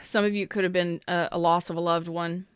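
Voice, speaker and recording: A woman's voice: fairly low pitch, little pitch movement, a little fast, noisy background. A woman giving a casual live-streamed tarot reading, talking bluntly, swearing now and then and greeting viewers by name. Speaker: tarot reader.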